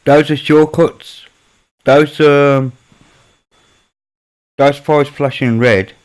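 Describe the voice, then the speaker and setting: Speaking slowly in a fairly high, steady tone, this man hosts a live stream, chatting loosely with viewers, responding to chat, and mumbling to himself while using his computer. He's from Birmingham, England, and his accent shows it.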